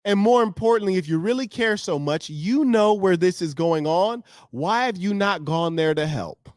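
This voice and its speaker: A man's voice: high-pitched, expressive, moderate pace, darkish tone, no room sound, studio quality. An American man streaming live, lecturing his viewers in a confrontational monologue. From United States.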